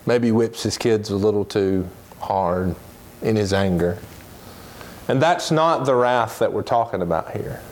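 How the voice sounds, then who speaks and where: A man earnestly teaches a Sunday school Bible lesson, slowing down to stress key points and reading scripture aloud in quick bursts. His voice is medium-pitched, with a little hiss or hum in the background.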